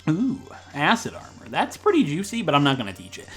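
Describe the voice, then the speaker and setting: A man from Ohio with a Midwestern American accent, rambling and joking fast through casual gameplay commentary. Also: a little high, wildly swooping pitch, fairly bright tone, slightly rough, faint music behind. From Ohio, USA. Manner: fast-talking, rambling, jokey. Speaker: let's play commentator.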